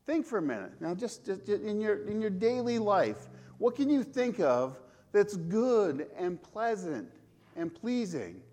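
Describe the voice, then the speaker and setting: A man preaching a casual, conversational sermon to a congregation, asking rhetorical questions and slipping in small jokes. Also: high-pitched. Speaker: pastor.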